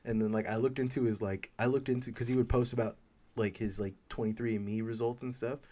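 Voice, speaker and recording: A man's voice: mid-range voice, steady tone, fast talker, warm tone. Man, podcast co-host, laid-back, slangy, casual chat. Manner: laid-back slangy storytelling, laughs often.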